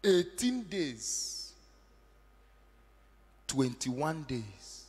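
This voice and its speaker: A man preaching a fervent sermon, swinging between hushed storytelling and shouted, sing-song emphasis. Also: a little high, sing-song, drawn-out words, breathy edge, in a large hall.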